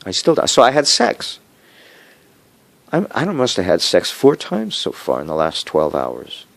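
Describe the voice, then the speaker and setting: A man giving a rambling personal monologue about his home cooking and health. He is halting and digressive, repeats himself often, and chuckles as he goes. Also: lowish voice, huge pitch swings, vocal fry, a bit bright, dry recording. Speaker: home cook sharing health updates.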